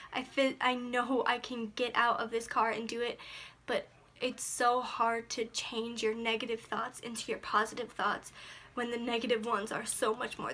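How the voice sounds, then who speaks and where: A woman's voice: fairly high pitch, sharp tone. A teenage girl telling a personal story on her vlog, earnest and emotional, with many fillers. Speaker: vlogger.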